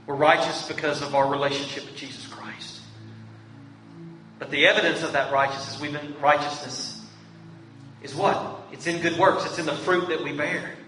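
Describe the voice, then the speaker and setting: Earnest pleading pastor, bright voice. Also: male voice, a little high, fairly even intonation, moderate pace, far from the mic, soft background music. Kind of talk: sermon. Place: church sanctuary. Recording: echoey church room from afar, faint hum.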